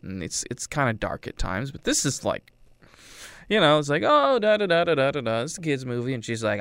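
A man giving a casual, rambling film review with a wry tone, dropping into quick character voices. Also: mid-range voice, vocal fry, fairly bright tone, smooth, dry recording.

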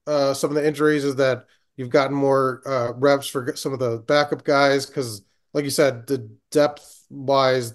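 A man who covers college football, chatting casually with lots of hesitations and filler words. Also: mid-range voice. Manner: hesitant, lots of ums and you-knows. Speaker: college football beat reporter. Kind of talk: casual sports chat.

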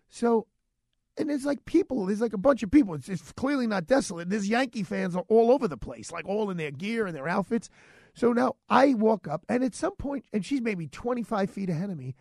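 A man hosting a radio show, telling a story in a chatty, animated way and acting out the dialogue. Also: sits high, no echo, clean studio sound. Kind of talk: casual storytelling monologue.

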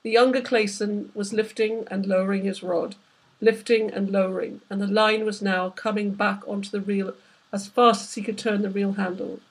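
A woman, the author, reading aloud from her novel in steady, measured narration. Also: medium pitch, husky, poor audio. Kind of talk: book reading.

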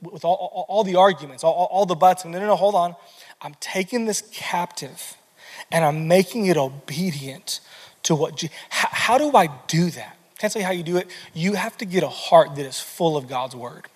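Male pastor, 30s, high voice, lively conversational sermon, long hall reverb. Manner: energetic, conversational preaching with many repeated words.

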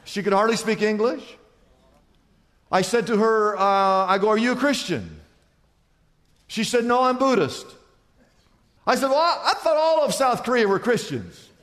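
A man preaching a sermon as a pastor, telling stories in an animated way and swinging from loud to quiet. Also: high-pitched, a little slow, long pauses, big-room sound.

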